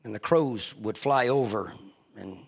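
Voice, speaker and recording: A man preaching a sermon fervently, swinging from hushed confession to ringing shouts. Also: fairly low pitch, unhurried, creaky, breathy edge.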